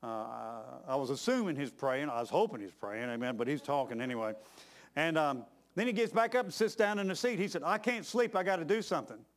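A man's voice: medium pitch, very animated, a little fast. A middle-aged man, preaching a sermon in a folksy storytelling way and peppering his talk with "amen.".

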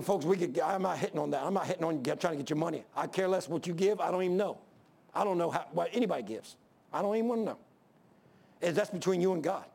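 An older pastor delivers a sermon in a church, his high, gravelly voice carrying through the room. His style is folksy and emphatic, and he keeps returning to the same point. The tone leans somewhat dark.

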